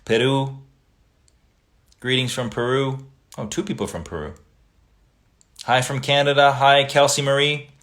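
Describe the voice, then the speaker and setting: A man hosting a casual livestream, reading viewer comments aloud and chatting back in a relaxed, friendly way. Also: mid-range voice, unhurried, long pauses. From Italian family background.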